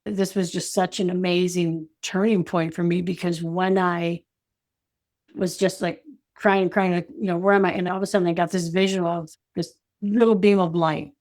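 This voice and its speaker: A woman speaking as an interview guest, telling a personal story in a reflective, halting way with many "you know" and "like" fillers. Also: on the low side, level tone, a little mellow. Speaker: intuitive guide and energy advisor, guest.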